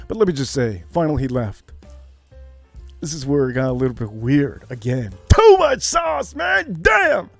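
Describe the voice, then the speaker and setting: American guy livestreaming, lively voice that jumps up high, dry close mic, faint music behind. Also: no echo. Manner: animated, repeats phrases, shifts into loud exclamations. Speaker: livestream host. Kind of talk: casual storytelling monologue.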